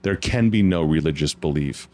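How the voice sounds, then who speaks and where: A man from the United States, a podcast host, talking about faith in an earnest, animated storytelling way with many restarts. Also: a bass voice, normal speed. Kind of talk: casual faith chat.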